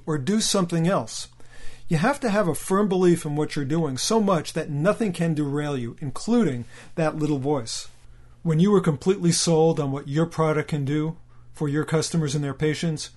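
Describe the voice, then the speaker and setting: A man coaching salespeople in a motivational training talk, with a voice that sits a little higher than most men's. He speaks directly and emphatically to the listener, often stopping to ask a rhetorical question. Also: darkish tone.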